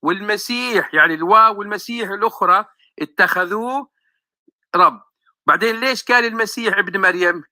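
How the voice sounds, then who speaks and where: A man's voice: sits high, very fast, bright, forceful tone, dry recording. A man with a Levantine Arabic accent arguing insistently in a voice message, reciting scripture to press his point. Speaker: relative sending a voice message. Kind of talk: recorded voice message.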